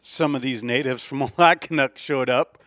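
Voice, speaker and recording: A man's voice: mid-range voice, normal speed, fairly bright tone, dry recording, studio quality. A man joining in a casual chat about a hunting trip, adding short agreements and jokes.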